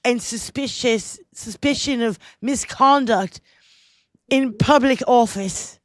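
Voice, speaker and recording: A woman's voice: fairly high pitch, dry recording, studio quality. A woman putting on a pompous royal with a fake English accent. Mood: mock-solemn. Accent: put-on English accent. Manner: slow, mock-solemn official reading. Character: a stiff royal reading a formal palace statement.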